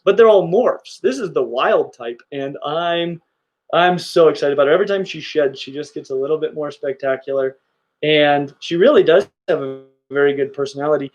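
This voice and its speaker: A middle-aged man talks casually and eagerly as the host of a livestream. His voice sits a little high for a man, and he gushes with enthusiasm. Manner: enthusiastic, gushing. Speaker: reptile channel host.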